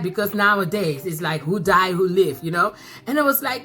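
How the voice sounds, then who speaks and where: Excitable woman with a bright voice. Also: medium pitch, moderate pace, faint music behind. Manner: excitable, repeats phrases, bursts of laughter. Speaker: mukbang vlogger. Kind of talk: casual chat to camera.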